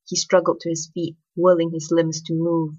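A woman narrating a story in an expressive, scripted reading. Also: fairly low pitch, normal speed, breathy edge. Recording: dull lo-fi recording.

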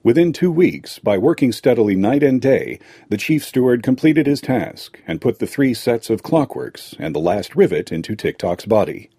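A man narrating a fairy tale aloud in a lively storytelling manner. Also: mid-range voice, moderate pace, few pauses, husky, no echo, studio quality.

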